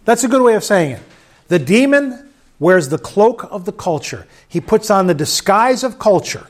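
A man's voice: high-pitched, big pitch swings, normal speed. A man preaching a sermon in church, conversational and joking with the congregation. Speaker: pastor.

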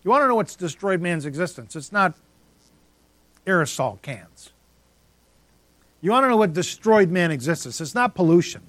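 Emphatic preacher man, higher voice. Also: very animated, moderate pace, pauses often, fairly bright tone, no room sound. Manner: emphatic, rising and dropping to near silence for effect. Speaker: pastor. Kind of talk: sermon.

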